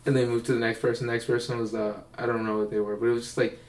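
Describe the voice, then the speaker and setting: A man's voice: medium pitch, level tone, rapid-fire. A young man telling rambling stories in casual chat, co-hosting a podcast. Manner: rambling, acts out quoted voices. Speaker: podcast co-host. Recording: roomy, distant mic.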